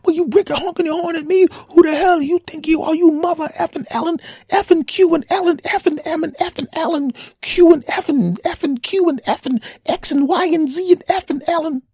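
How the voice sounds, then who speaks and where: A man voicing a furious male truck driver who sputters strings of bleeped curses in a shrill voice. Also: extremely slow, pauses often, mellow, slightly rough, no room sound, studio quality, heavily acted. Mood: raging.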